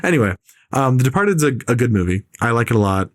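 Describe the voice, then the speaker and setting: A man's voice: mid-range voice, sing-song, quick pace, no echo, clean studio sound. A man ranting in casual podcast chat, opinionated and rambling, with lots of "like" fillers. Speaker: podcast co-host.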